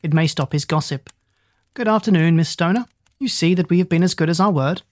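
An audiobook reader voicing a calm, precise Victorian detective who speaks in a formal, measured way. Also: medium pitch, dry recording, lightly acted. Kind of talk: audiobook reading.

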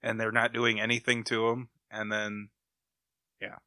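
A man's voice: fairly low pitch, monotone, a little slow, bright, forceful tone, no room sound. A man hosting a comic book podcast, casually retelling plots in a rambling, enthusiastic way. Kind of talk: casual chat, recapping comics.

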